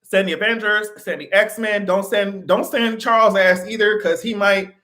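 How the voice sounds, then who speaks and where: A man's voice: high voice, fairly even intonation, moderate pace, bright, forceful tone. A man hosting a pop-culture commentary livestream, ranting with heavy profanity and frequent laughter. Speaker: livestream host.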